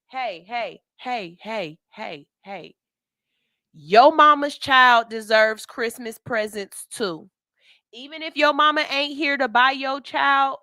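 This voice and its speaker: A woman with a Southern US accent holds forth on radio in a blunt, profane, preachy monologue. Her voice is bright and forceful, and the studio mic sounds close and dry. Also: high-pitched, dry recording. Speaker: radio show host.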